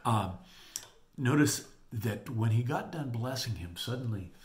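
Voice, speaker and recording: A man's voice: mid-range voice, expressive, a little slow. A man giving a Bible lesson, retelling the story with animation and reading scripture aloud. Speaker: Bible teacher. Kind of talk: Bible teaching.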